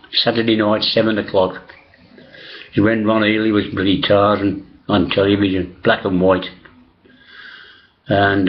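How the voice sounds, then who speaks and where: Old bloke with a low voice, rambling, swearing, lots of uhs, muffled lo-fi sound. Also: male voice. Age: older. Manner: meandering, swears casually, many fillers and restarts. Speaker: storyteller recalling old days. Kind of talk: rambling reminiscence. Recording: dull lo-fi sound.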